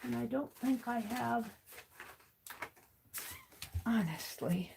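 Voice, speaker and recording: A woman's voice: fairly high pitch, slow, vocal fry, background noise. A woman hosting a craft livestream, chatting casually and rambling to herself as she works. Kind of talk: casual chat while crafting.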